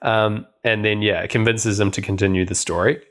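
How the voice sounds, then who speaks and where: A man's voice: on the low side, steady tone, moderate pace, fairly bright tone. A man co-hosting a podcast, casually recapping a film with a chatty, laughing manner. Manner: chatty, laughing, lots of fillers. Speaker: podcast co-host.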